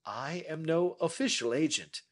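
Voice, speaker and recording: A man voicing a calm, clever male detective who speaks in a measured, gentle and grave way. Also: on the high side, voice pushed up. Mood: reassuring.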